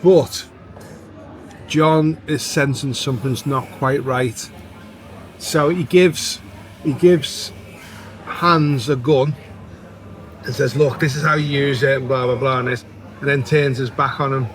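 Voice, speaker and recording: A man's voice: mid-range voice, steady tone, slow, long pauses. A man co-hosting a casual film podcast, easygoing, recapping the plot with many fillers. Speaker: podcast co-host.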